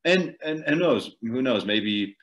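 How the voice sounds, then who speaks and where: A man's voice: mid-range voice, animated, slow, a bit bright, highs cut off. A man being interviewed on a podcast, recounting a long race in a loose, rambling way with frequent chuckles and fillers. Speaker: podcast guest, ultrarunner. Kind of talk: casual storytelling interview.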